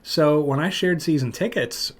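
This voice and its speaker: A man hosting a podcast, telling a long story in casual chat and loudly acting out what people said. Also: a little high, moderate pace. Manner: animated, acts out loud quotes of other people. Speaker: podcast host.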